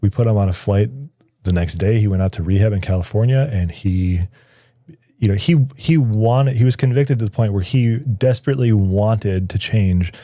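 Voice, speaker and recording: A man's voice: lowish voice, normal speed, warm tone, dry recording. A man, a guest on an interview show, tells a personal story in a studio, thinking aloud and often restarting his sentences. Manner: reflective, searching for words with frequent restarts. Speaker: guest, writer.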